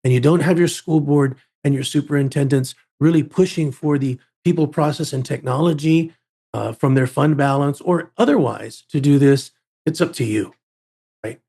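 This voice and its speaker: A man's voice: on the high side, normal speed, vocal fry, mellow, breathy edge. A man who is a guest on a podcast interview, telling a story in an emphatic way and often repeating words as he builds up a point.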